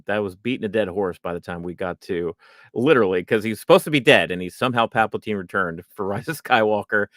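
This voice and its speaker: Podcast host, male, lower voice, emphatic and lively, dry close mic. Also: no room sound. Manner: lively and emphatic, addresses listeners. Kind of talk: casual fan discussion.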